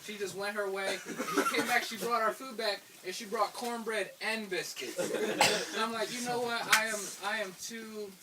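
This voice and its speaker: Young guy from the Philly area, high voice, laughing storyteller; distant mic, heavy noise. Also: fairly even intonation, normal speed, hardly any pauses. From Philadelphia area. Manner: laughs through his own story, mimics others. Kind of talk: casual anecdote told to friends.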